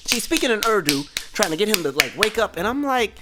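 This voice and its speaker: Lively man telling a comic story. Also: high-pitched, quick pace, very noisy. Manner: animated, acts out other people's voices. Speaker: podcast host. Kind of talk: comedic storytelling. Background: faint background music.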